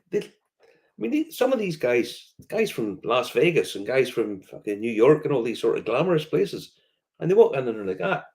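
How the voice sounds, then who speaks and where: A man with a Northern Irish accent, a whiskey shop tour guide telling stories in casual chat, swearing freely. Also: medium pitch. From Northern Ireland. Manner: animated storyteller, swears freely, acts out customers' voices.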